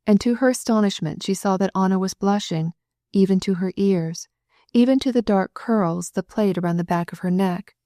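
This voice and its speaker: A woman narrating a classic novel audiobook in a measured, even storytelling manner, close to the mic. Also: medium pitch, no room sound.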